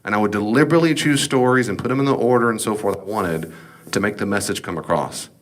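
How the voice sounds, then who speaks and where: Emphatic low-voiced pastor teaching. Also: male voice, fast. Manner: emphatic, animated, with rhetorical questions. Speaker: pastor teaching a Bible study. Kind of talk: conversational Bible lesson.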